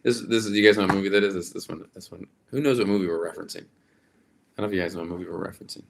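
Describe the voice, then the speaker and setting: A man's voice: low voice, steady tone, racing, creaky. A man hosting a live stream, chatting casually and playfully with viewers, often rambling and repeating his words. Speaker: livestream host.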